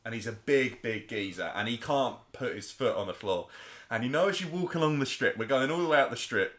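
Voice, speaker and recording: Guy on a podcast, animated storyteller, mid-pitched voice. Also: fairly quick. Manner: animated storyteller, chatty and laughing. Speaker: podcast co-host. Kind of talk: casual storytelling chat.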